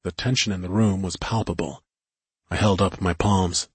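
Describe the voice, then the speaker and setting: A man narrating a first-person audiobook in a calm, measured way. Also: deep voice, husky, no room sound.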